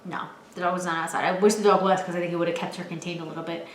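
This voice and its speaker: A woman's voice: lowish voice, rapid-fire. Chatty laughing woman in an echoey room. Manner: animated, laughing, filler-heavy "like" talk. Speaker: vlogger, storyteller. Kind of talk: casual storytelling chat. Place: at home, in a room. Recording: roomy echo.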